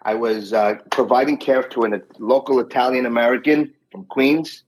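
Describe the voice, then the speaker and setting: A man with a slightly husky, mid-pitched voice tells stories in conversation. He gets animated, acts out what others said, and often repeats words as he restarts a sentence. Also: normal speed, low-quality recording. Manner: animated anecdotes, acts out quoted dialogue. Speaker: guest, doctor and wine importer. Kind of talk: conversational storytelling.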